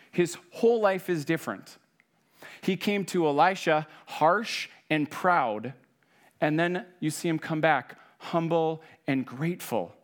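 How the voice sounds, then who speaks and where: Male preacher, slightly higher voice, easygoing storytelling sermon, acts out quotes.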